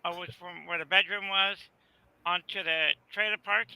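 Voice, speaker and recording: A man's voice: high-pitched, fairly even intonation, moderate pace, vocal fry, bright, forceful tone, clear, resonant tone, no room sound, low-quality recording. A man from Arizona, telling rambling folksy stories in a casual video chat. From Arizona, USA. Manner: rambling storyteller, folksy, repeats "right there".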